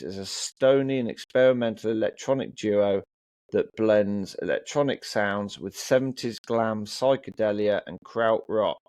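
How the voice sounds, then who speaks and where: A man's voice: lowish voice, a little mellow, no echo. A man co-hosting a casual chat about records, reading album blurbs aloud with frequent ums and restarts. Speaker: co-host.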